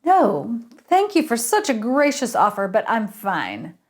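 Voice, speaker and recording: A woman's voice: on the high side, huge pitch swings, measured pace. A woman voicing a flamboyant, fussy male theater director with an affected, theatrical way of talking. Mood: gushing.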